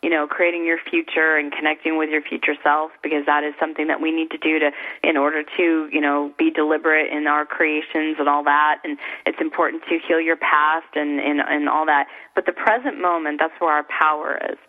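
A woman's voice: low voice, flat delivery, a little fast, few pauses. A woman hosting a casual talk, speaking with enthusiasm in spiritual self-help phrasing. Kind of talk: casual conversation. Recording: phone-like narrow sound.

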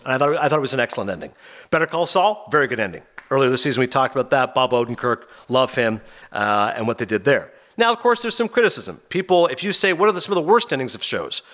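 A man hosting a podcast, telling stories quickly and acting out quotes in casual chat. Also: mid-range voice. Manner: fast, animated storytelling with acted-out quotes. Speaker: podcast host.

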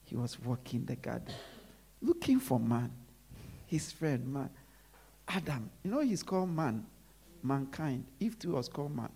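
A preacher delivering a sermon who repeats phrases and drops to low murmurs between emphatic lines. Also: expressive, unhurried, creaky, pauses often, mellow.

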